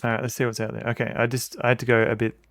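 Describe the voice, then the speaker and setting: A man talks his way through a computer game as he plays, thinking aloud in a hesitant way with restarts. His voice has a gravelly, creaky texture and sounds dry and close to the mic. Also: mid-range voice, monotone, rapid-fire, a bit bright, dry recording. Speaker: streamer playing a game. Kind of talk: casual gameplay commentary.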